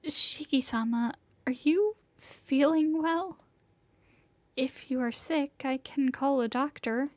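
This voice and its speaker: A woman reading the lines of a composed young female maid in a polite, formal, even manner. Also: high voice, slow pace, no room sound. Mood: formal concern.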